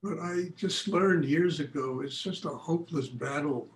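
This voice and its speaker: A man's voice: on the high side, normal speed, reverberant, a little hiss or hum, poor audio. An older man, a meditation teacher, speaking frankly and telling stories in a lecture and question session after a class. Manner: frank, animated storytelling.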